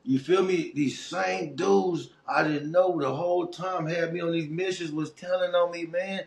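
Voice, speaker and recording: Gravelly streetwise man from Los Angeles. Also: a little high, normal speed, echoey room. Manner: animated, streetwise, heartfelt. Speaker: interview guest. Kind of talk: casual storytelling.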